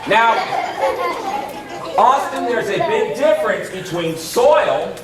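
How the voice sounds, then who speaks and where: A man's voice: high-pitched, sing-song, slow pace. A man presenting a playful gardening routine to young children, teasing them and leading call-and-response. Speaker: extension educator performing a gardening routine for children. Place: large indoor hall with a children's audience. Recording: echoey hall from far off, loud children in the crowd.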